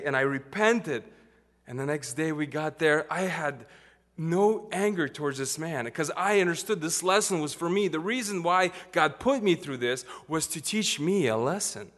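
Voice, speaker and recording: Male preacher, earnest testimony style, slightly high voice, long hall reverb. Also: a bit bright. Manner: earnest storytelling, quoting scripture. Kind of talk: sermon testimony.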